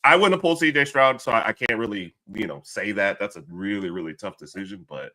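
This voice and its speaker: Panelist, male, low voice with lively swings, bright forceful tone. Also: fast talker. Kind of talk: casual sports talk.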